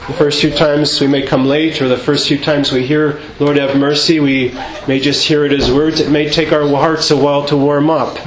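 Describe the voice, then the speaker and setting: A male priest giving a measured sermon in a church, asking rhetorical questions and singing out quoted refrains. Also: on the high side, flat delivery, slight background noise. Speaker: Orthodox priest. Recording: echoey church with faint ambience.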